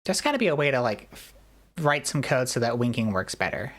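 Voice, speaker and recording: Woman streamer, casual chat, low voice, rambling, jokey, self-deprecating. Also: sing-song, fairly quick.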